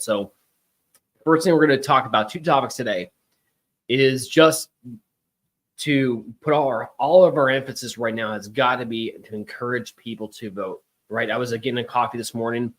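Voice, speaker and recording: A man's voice: mid-range voice, a bit bright. A middle-aged man hosts a casual talk show in a chatty, emphatic way. He wanders into asides, and his voice sits in an ordinary mid range. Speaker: podcast host.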